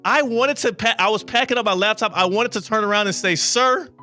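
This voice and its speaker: Bright-voiced radio host telling a story. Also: male voice, high voice, fast talker, soft background music. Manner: lively anecdotal telling with bursts of laughter. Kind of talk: animated storytelling on talk radio. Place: radio studio.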